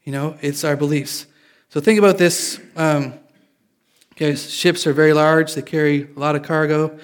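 A man's voice: a little high, fairly even intonation, normal speed, smooth. A male pastor giving a conversational sermon, often restarting his sentences and making light jokes. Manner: conversational, self-correcting, joking.

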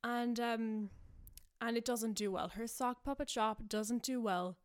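A young woman with a slightly high voice rambles through an improvised comic tale. She leans on "like" and "um," amusing herself as she goes, with a loose, unscripted delivery. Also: fairly even intonation, a little slow, clean tone. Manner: rambling, filler-heavy, self-amused. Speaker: podcast host. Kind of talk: casual comedic rambling.

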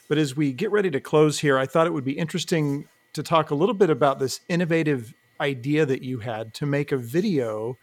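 Male host, steady mid voice, measured interview questions. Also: medium pitch.

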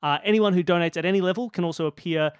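High-voiced man co-hosting, playful. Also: clean tone, dry recording, studio quality. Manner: playful, quick to laugh and tease. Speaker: podcast co-host. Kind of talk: casual chat.

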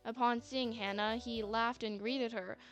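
A woman's voice: a little high, steady tone, a little slow, a bit bright. A woman narrating a story in a chatty manner, with sarcastic asides. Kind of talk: scripted narration. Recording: faint music bed.

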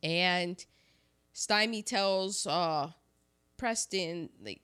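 A woman's voice: medium pitch, a little slow. A woman co-hosting a casual chat, recapping a film with jokes and playful asides. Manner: animated, jokey, acts out characters in exaggerated voices. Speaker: podcast co-host.

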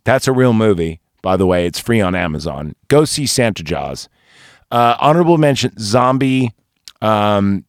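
A man with a fairly low voice reviews films in a loose, rambling podcast chat. He swears constantly and gushes with enthusiasm. The sound is dry and close, with no room echo. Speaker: podcast host. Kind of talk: casual movie review.

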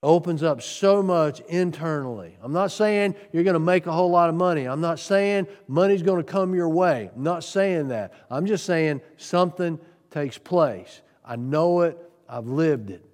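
A man preaching a sermon on giving, earnest, piling up rhetorical questions and swinging from loud to soft. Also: on the high side, animated, moderate pace, few pauses, long reverb tail. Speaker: pastor.

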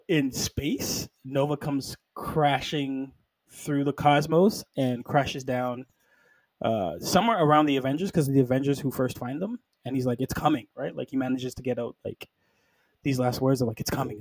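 A man casually retelling a comic book storyline, animated, acting out the characters in quick quotes and filling his talk with "like". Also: medium pitch, no room sound, low-quality recording. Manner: peppers speech with "like".

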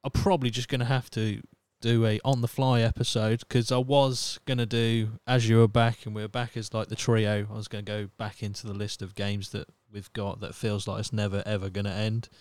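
Male podcast host, smooth and resonant, easygoing chat, close dry mic. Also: on the low side, brisk, few pauses, no echo. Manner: relaxed, swears casually, reads chat aloud. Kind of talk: casual chat.

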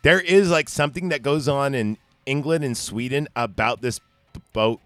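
A man co-hosting a podcast, retelling a movie scene by scene in crude, casual chat and slipping into quick voices for the characters. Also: mid-range voice, fairly bright tone, no room sound. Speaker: podcast co-host.

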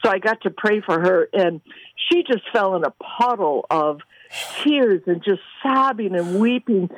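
A woman minister, a guest, telling faith testimonies in an animated way and acting out the people she quotes. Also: mid-range voice, unhurried, dry recording, poor audio. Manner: animated, acts out quoted voices. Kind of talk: testimony storytelling.

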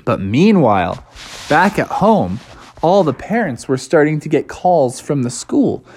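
A man's voice: a little high, a little slow, husky. A man casually telling an improvised children's story. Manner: casual, animated.

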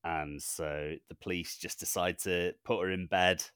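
A man's voice: low-pitched, steady tone, a little slow, a bit bright, clean tone, no echo, studio quality. A man hosting a casual film-panel podcast, laughing readily as he steers the chat. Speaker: podcast host.

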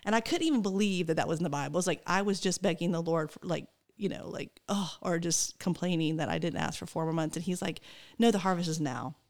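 Woman in her forties, missionary, animated storytelling, low voice. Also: quick pace. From North Carolina, USA. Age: 40s. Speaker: missionary guest. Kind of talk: casual testimony.

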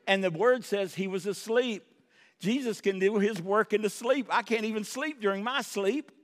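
In a church sanctuary with long hall reverb, a middle-aged male pastor preaches a sermon at normal speed in a high-pitched voice. He builds to impassioned cries, dropping in wry, humorous asides along the way.

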